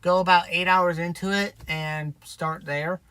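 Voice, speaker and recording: A man's voice: sits high, fairly even intonation, a little slow, sharp tone, clear, resonant tone, rough recording. Candid rambling trucker man. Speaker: truck driver. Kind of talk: livestream chat.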